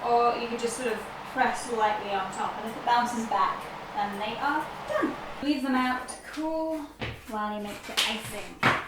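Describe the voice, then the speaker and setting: A woman's voice: on the high side, moderate pace, very noisy. Giggly woman in an echoey kitchen. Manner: chatty, giggly, talks while working. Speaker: baking vlogger. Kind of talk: casual recipe tutorial. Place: home kitchen. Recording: echoey kitchen with clattering dishes.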